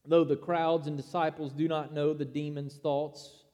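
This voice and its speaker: High-voiced preaching man in a reverberant hall. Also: little pitch movement, unhurried, dark tone. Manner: emphatic preaching with rhetorical questions. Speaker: pastor. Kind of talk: sermon.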